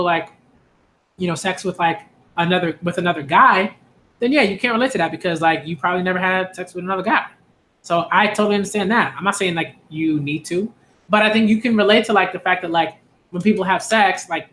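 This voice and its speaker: A high-pitched, sharp voice comes from a young man who hosts anime and manga videos, with slight background noise behind him. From Hollis, Queens, New York, he talks casually to camera, rambling along with plenty of "um," "like," and restarts.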